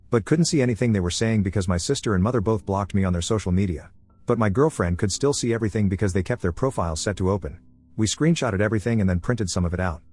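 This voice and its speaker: A man reads a first-person story at a rapid clip. His voice sits on the low side and sounds slightly husky, and his telling is blunt and salty. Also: darkish tone. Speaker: story narrator.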